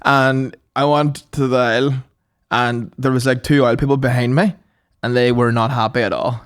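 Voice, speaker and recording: A man's voice: medium pitch, fairly even intonation, normal speed, clear, resonant tone. A young Irish man telling crude, laughing anecdotes as a podcast co-host in casual comedy chat. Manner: crude storytelling with put-on voices.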